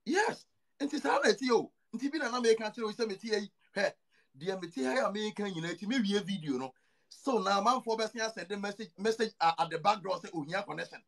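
Ghanaian male podcast host, quick and high, gravelly edge, emphatic and repetitive. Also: animated, a bit bright. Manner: emphatic, repeats points, mixes two languages. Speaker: show host. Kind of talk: casual podcast chat.

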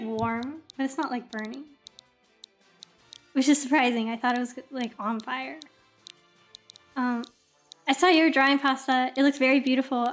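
A young woman streaming casually, chatting to her viewers in an excitable, rambling way full of filler words. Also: high-pitched. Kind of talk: casual livestream chat.

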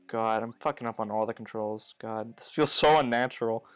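A young man going hoarse, giving crude, self-mocking commentary while playing a video game. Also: lowish voice, moderate pace, few pauses, poor audio. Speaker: let's play host. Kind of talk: casual gameplay commentary.

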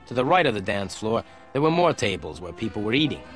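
A man reading a detective story aloud in clear, measured narration for English learners. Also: fairly low pitch, big pitch swings, a bit bright, faint music behind. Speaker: audiobook narrator.

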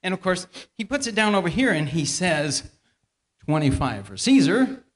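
Lively high-voiced man leading a church skit. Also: brisk. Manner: playful, directing volunteers and feeding them lines. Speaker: church elder teaching a Bible lesson. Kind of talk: interactive Bible lesson with a staged skit. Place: church hall before a congregation.

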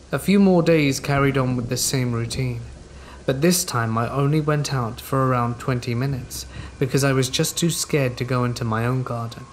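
A man's voice: mid-range voice, slight background noise, poor audio. Man narrating a horror story over rain. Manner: steady, measured first-person storytelling. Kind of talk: scripted narration.

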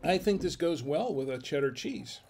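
A man's voice: a little high, animated, normal speed, darkish tone, a little hiss or hum. A man hosting a casual wine tasting livestream, musing aloud in a hesitant, chatty way. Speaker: wine review show host.

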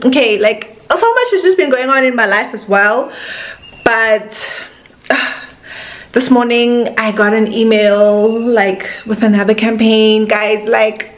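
A young South African woman in her twenties talks straight to her camera in a loose, unscripted vlog. She gushes and runs on emotionally, leaning on filler words as she goes. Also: fairly high pitch. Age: 20s. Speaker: vlogger. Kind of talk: casual talking-to-camera vlog.

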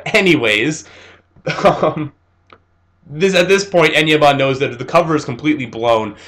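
A young man reviewing an anime episode, retelling scenes in a casual, animated way with fillers. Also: fairly high pitch, a little slow.

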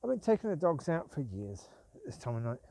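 A slightly high, sing-song, creaky voice with a mellow tone belongs to a vlogger walking his dogs outdoors at night. He speaks fairly quickly, rambling, grumbling, and repeating himself, with no room sound.

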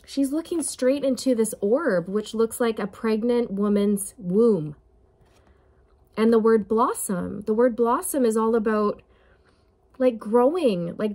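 A woman's voice: fairly high pitch, warm tone. A woman giving an intuitive tarot reading to camera, talking in an earnest, emotional way with many fillers. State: tearful at times. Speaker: tarot reader.

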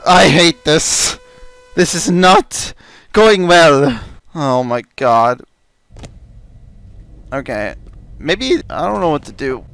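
High-voiced man narrating his gameplay. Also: expressive, takes it slowly, vocal fry, pauses often, fairly bright tone. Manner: chatty, talks to game characters, yelps when chased. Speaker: gaming video creator. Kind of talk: let's play commentary.

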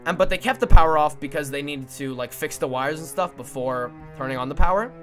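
A young man streaming, telling a story to his chat in a casual, animated way, swearing and using lots of fillers. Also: fairly high pitch, a little fast, faint music behind. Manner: animated, swearing, frequent fillers, breaks into laughter.

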